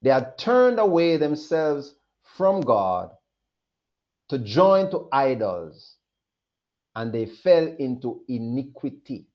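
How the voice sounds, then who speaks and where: A man's voice: mid-range voice, big pitch swings, takes it slowly. A man preaching a sermon, emphatic and repetitive, often acting out the questions of others. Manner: emphatic, repeats phrases, voices questions of others. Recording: dull lo-fi recording.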